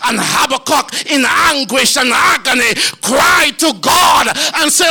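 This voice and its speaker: A man preaching a fervent sermon as pastor, in a sing-song, shouting style with frequent fillers and repeated words. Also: extremely high pitch, animated, slow, creaky, hardly any pauses.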